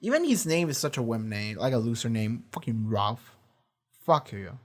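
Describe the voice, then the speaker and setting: Male streamer, mid-pitched, animated and profane, rambling casual reaction talk at home. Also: a little fast.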